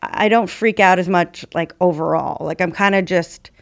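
A woman's voice: on the low side, moderate pace. A woman stand-up comedian in casual conversation, rambling and self-reflective, with frequent restarts and fillers. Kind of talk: casual podcast chat.

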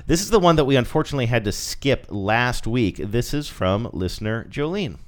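A man's voice: mid-range voice, animated, brisk. A man co-hosting a podcast in casual chat, rambling and chatty. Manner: rambling, chatty, with many fillers. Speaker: podcast co-host.

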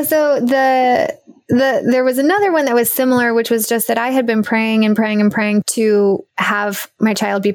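A young adult woman talks earnestly and reflectively in a candid conversation about faith, letting out soft laughs with a teary edge. Her voice is a little high, and there's no echo.

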